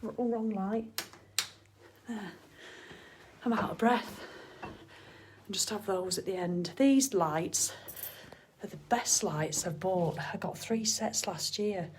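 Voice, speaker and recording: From her living room, a middle-aged woman runs a casual live chat for viewers, upbeat and blunt with some mild swearing and laughter. She takes it slowly and pauses often in a mid-range voice, with slight background noise.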